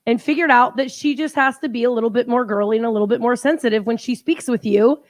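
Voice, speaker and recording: Woman co-host, high and playful, close dry mic. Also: quick pace, dry recording. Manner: teasing, laughs often. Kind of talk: casual live-stream chat.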